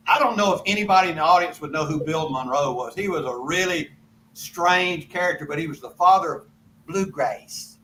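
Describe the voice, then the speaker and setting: Older man, rambling folksy stories, sharp high voice, distant video call mic. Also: fairly quick, a little hiss or hum. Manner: folksy, rambling anecdotes with repeated asides. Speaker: guest songwriter. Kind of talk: casual storytelling interview.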